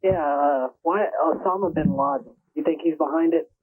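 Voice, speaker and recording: A man's voice: fairly high pitch, steady tone, moderate pace, husky. A man in a casual talk show chat who asks skeptical questions. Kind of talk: casual conversation. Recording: tinny lo-fi public access audio.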